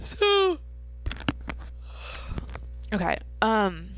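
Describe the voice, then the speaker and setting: A woman's voice: medium pitch, big pitch swings, drawn-out words, slight background noise. A young woman hosting her own podcast, telling a long rambling story full of swearing and self-interruptions. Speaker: podcast host. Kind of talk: casual solo podcast monologue. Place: home at night.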